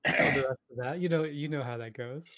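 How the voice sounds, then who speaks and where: A man's voice: medium pitch, quick pace, a bit bright. A man chatting casually over an online poker game and laughing easily. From Canada. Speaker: poker streamer.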